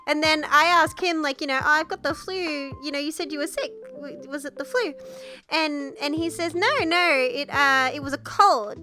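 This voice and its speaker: A woman's voice: high-pitched, normal speed, pushed and bright, faint music behind. A young Australian woman streamer telling a story in casual chat while sick with the flu, coughing now and then, laughing often and swearing freely. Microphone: headset mic.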